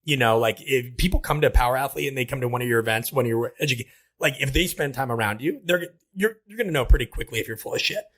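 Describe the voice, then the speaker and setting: A man with a mid-range voice talks very fast as a guest on a casual podcast. He is animated and analytical, and he builds his points through anecdotes. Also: mid-range voice.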